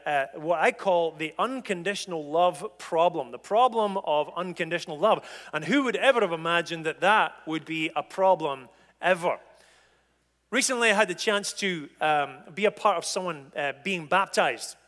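A pastor with a notably high-pitched voice delivers a sermon, acting out the dialogue of his story with humor. His voice carries the long reverb of a large hall. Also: a bit bright.

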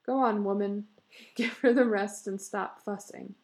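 A woman reading the part of a pushy, excitable bearded husband, talking in a boisterous, insistent way. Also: medium pitch, measured pace, lightly acted. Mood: coaxing.

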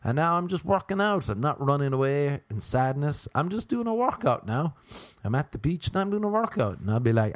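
Animated Irish man doing stand-up. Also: a little fast, no echo. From Ireland. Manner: animated, jumping to high pitch when acting out others. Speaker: comedian. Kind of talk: stand-up comedy monologue.

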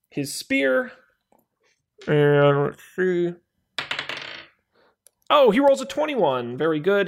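A man's voice: fairly high pitch, slight background noise. A man narrating as game master of a tabletop game, casual and joking. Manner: casual, joking, quick asides.

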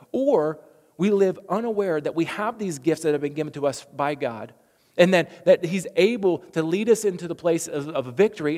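A man preaching a sermon, telling a story earnestly and building up to forceful proclamations. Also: sits high, in a large hall.

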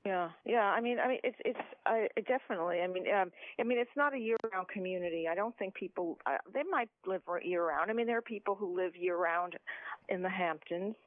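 A man's voice: sits high, brisk, dry recording. A man calling in to chat about politics, stumbling through restarts and tossing in sarcastic asides. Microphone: phone. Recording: tinny phone line.

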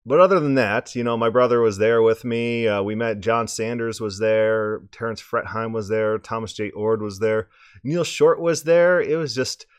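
A man with a hoarse, scratchy voice hosting a podcast, rambling casually and repeating words as he restarts his sentences. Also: lowish voice, moderate pace, no room sound. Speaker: podcast host.

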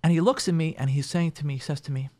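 A man's voice: a little high, steady tone, quick pace, mellow, dry recording, clean studio sound. A man, a rabbi hosting a call-in advice show, telling a counseling story and giving advice, repeating phrases for emphasis. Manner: acts out quoted people in shifting voices.

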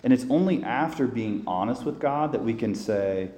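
A man's voice: mid-range voice, mellow. A man, a priest, giving a sermon in a plain, conversational way, talking through the prayers he describes. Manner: earnest, conversational preaching with restarts and voiced inner prayers. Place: church. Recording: echoey church hall.

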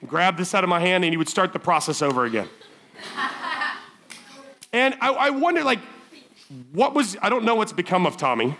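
A man speaking at a teen summer camp, telling stories in a chatty, animated way full of "like" fillers before turning them into a sermon point. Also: high-pitched, moderate pace, long pauses, slight background noise. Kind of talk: storytelling youth sermon.

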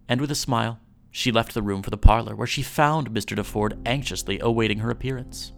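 A man hosting a podcast, reading an old newspaper story aloud in a measured storytelling way. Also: mid-range voice, gravelly, fairly bright tone.

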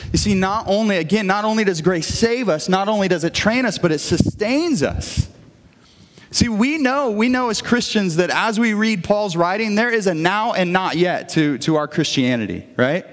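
A man's voice: high-pitched, normal speed. A male pastor preaching a sermon in a church, talking in an earnest, conversational way as he tells stories. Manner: earnest, conversational storytelling with frequent restarts. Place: church sanctuary. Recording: long reverb of a church hall.

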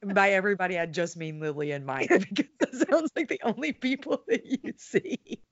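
Woman co-host, chatty and giggly, mid-pitched, on slightly muffled audio. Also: expressive, a little fast. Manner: chatty, giggly, lots of fillers. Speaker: podcast co-host. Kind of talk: casual chat.

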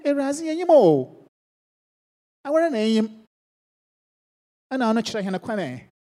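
A woman preaching a sermon, mixing English with a local language and swinging between soft and loud passages. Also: mid-range voice, big-room sound.

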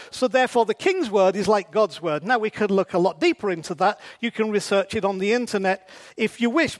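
High-voiced man preaching a sermon. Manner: conversational, asks rhetorical questions.

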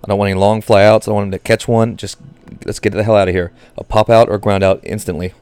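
A man reacting live to a baseball game as a nervous fan, cursing, groaning and pleading with the pitcher. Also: level tone, fast, darkish tone, clean tone, no echo. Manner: anxious, profane, swings from groans to outbursts.

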